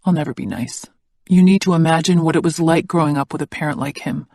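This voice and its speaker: Reader playing a guarded, hurt young man; quiet, level, audiobook dialogue in a dead-dry room. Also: medium pitch, quick pace, dry recording, lightly acted. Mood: bitter. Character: guarded adult man, bitter about his father.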